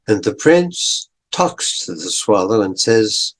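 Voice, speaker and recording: An older male professor retelling a story in a lecture, deliberate, clearing his throat and adding asides. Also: lowish voice, very animated.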